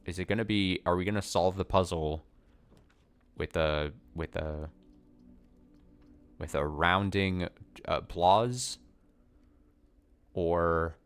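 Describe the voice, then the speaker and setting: A man's voice: sits low, slow pace, long pauses, clear, resonant tone. A man giving casual gameplay commentary, thinking aloud, swearing casually and poking fun at himself. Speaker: let's play streamer.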